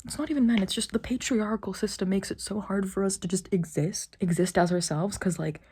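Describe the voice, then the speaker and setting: Tired and hurting, this young art vlogger speaks briskly in a personal vlog rant, being frank about her life, cursing a lot and now and then sinking into a whisper. Her voice is medium-pitched and dark-toned, with a breathy edge.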